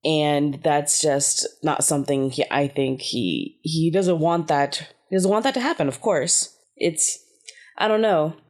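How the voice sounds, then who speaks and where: A woman in a casual podcast chat, thinking aloud about a film character with halting restarts. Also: sits low, darkish tone.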